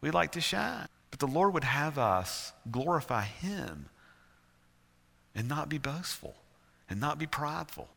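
A man's voice: on the high side, sing-song, a little slow, gravelly, pushed and bright. A male pastor with a Southern US accent preaching a sermon earnestly, with emphatic repetition. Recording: reverberant church hall.

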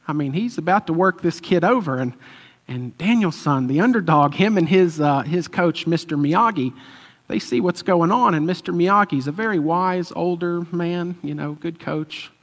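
A man with a slightly high voice gives a relaxed, chatty sermon. He tells the story loosely, with small fillers and easy chuckles. His voice rings out with a long echo in a church hall. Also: moderate pace. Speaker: preacher. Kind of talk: conversational sermon.

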